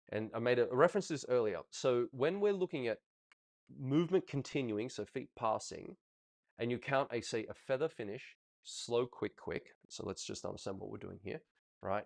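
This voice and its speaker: A male ballroom coach talks a student through footage in a chatty, encouraging way. His pitch swings widely and keeps the explanation lively. Now and then he counts the steps out loud as he demonstrates. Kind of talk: coaching a student over video review.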